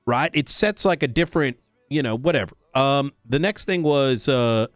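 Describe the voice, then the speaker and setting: Man, lawman in role-play, swears a lot, irritated, lively pitch, dry close sound. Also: moderate pace, no echo. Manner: heavy swearing, blunt and irritated. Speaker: roleplay player as a lawman. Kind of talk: in-character role-play chat.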